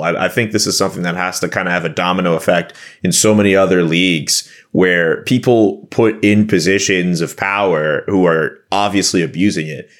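A man guesting on a hockey podcast, talking casually and loosely with lots of fillers. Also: sits low. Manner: relaxed, rambling with many fillers.

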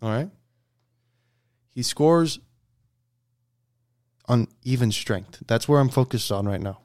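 Man arguing hockey stats, mid-pitched. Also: animated, slow, darkish tone. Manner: argumentative, reads out stats with frequent "okay?" check-ins. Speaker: podcast host. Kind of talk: casual sports debate chat.

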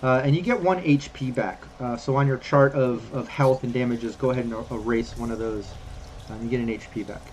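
A man running a tabletop game as game master, talking in a relaxed, rambling way with many fillers. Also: mid-range voice, a little fast, slight background noise.

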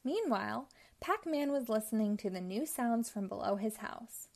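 A woman reading a children's storybook aloud, with expressive voices for the characters. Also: fairly high pitch, normal speed, gravelly. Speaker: storybook reader.

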